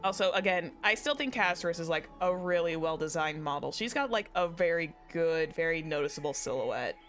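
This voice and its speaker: A young woman talks through a game on a live stream, chatty and rambling, often restarting her sentences mid-thought. Her voice sits a little low. Faint music plays behind her. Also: a little fast, few pauses, fairly bright tone. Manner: chatty, rambling, self-correcting. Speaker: VTuber streamer.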